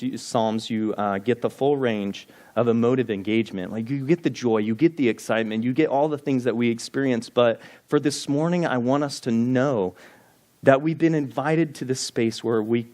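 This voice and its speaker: A man's voice: mid-range voice, darkish tone. A man giving a sermon as pastor, talking earnestly and conversationally, reading scripture passages aloud.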